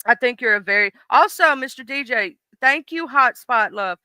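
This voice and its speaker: Lady live streamer, super bright smooth voice, rambly and chatty, dry close sound. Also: fairly high pitch, expressive, normal speed, dry recording. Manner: rambling, chatty, greets chat viewers by name. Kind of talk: casual live-stream chat.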